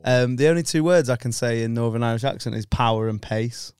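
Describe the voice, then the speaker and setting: A man's voice: mid-range voice, brisk, darkish tone, clean tone. A man, a stand-up comedian guesting on a podcast, chatting casually, rambling, swearing freely and laughing often. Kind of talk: casual banter.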